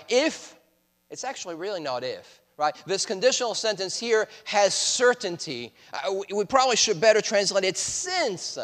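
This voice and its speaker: Guest preacher, male, high-pitched, teaching sermon; trails off quietly at phrase ends; church reverb with hum. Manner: teaching, explains Greek and Latin words; drops his voice low and soft at phrase ends. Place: church sanctuary.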